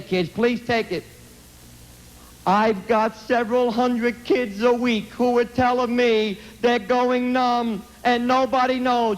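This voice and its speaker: A man's voice: very high voice, rough recording. A man giving an impassioned anti-drug lecture to students, telling a story dramatically and pleading emphatically. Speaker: speaker addressing students.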